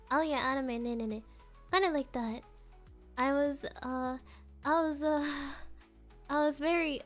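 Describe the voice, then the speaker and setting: A woman streamer talks to her chat in a high, bright voice, giggling between stories and reading comments aloud. Faint music plays quietly behind her. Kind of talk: casual chat with chat readers.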